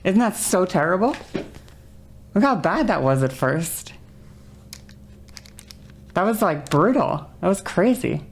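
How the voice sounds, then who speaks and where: A woman streaming live, chatting casually and excitably and swearing freely. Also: lowish voice, slow, long pauses, slight background noise.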